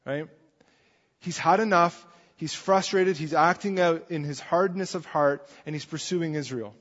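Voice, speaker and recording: A man's voice: a little high, measured pace, a bit bright. A man preaching a sermon in a conversational way, often checking in with his listeners. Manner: conversational, asks the congregation "right?" often. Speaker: pastor. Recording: dull sound with long hall reverb.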